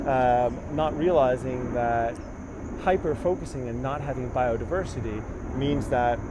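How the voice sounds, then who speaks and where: A man guiding a live-streamed garden walking tour outdoors, chatting casually and reading viewer comments aloud. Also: mid-range voice. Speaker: tour guide. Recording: outdoor live stream with clear background noise.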